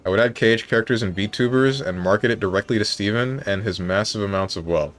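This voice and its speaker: A man's voice: lowish voice, quick pace, fairly bright tone. A male streamer chatting casually on a live stream, thinking aloud and correcting himself as he goes.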